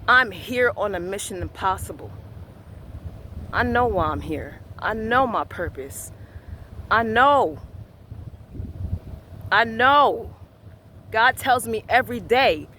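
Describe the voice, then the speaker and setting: A man with a notably high voice delivers a spiritual affirmation monologue at an unhurried pace. He talks earnestly and repeats his phrases. Wind and outdoor ambience run loudly behind him. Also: expressive. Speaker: motivational vlogger.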